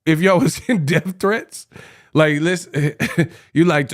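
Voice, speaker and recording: A man's voice: a little high, slow pace. A man hosting a boxing commentary channel, reacting in a slangy, mocking, incredulous way.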